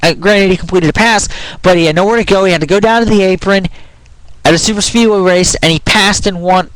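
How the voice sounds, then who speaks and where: A man's voice: high voice, a little fast, fairly bright tone, dry recording, poor audio. A young man ranting in a frustrated, rambling way, restarting his sentences and swearing, his voice sometimes cracking. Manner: swears while arguing. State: voice cracks when pitch rises. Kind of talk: ranting opinion vlog.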